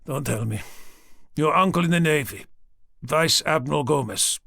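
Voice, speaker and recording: A male narrator voicing a weary, cynical middle-aged police inspector with a gruff, dry delivery. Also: fairly high pitch, normal speed, sharp tone, dry recording. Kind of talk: audiobook character voice.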